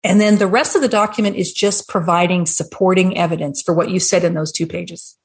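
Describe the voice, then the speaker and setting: A woman's voice: fairly low pitch, steady tone, a little fast. A woman who consults and teaches, giving a friendly, explanatory talk in a webinar conversation. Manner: explanatory, friendly, laughs now and then. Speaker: restaurant business consultant and educator.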